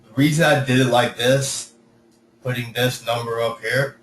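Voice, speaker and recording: A man's voice: mid-range voice, fairly even intonation, normal speed, fairly bright tone. A man teaching students coding in a live online lesson, talking through each step and correcting himself as he goes. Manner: talks through code step by step, self-correcting. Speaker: coding instructor. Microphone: computer mic, sound reported as poor by students. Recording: echoey room, distant mic, faint hiss.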